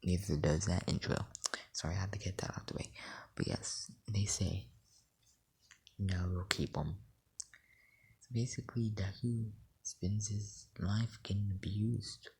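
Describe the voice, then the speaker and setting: Night-time home storyteller, deep husky whisper, halting. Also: warm tone. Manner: talks low in a near whisper; rambling, many fillers and restarts. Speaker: fan storyteller. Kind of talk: casual fan-fiction storytelling.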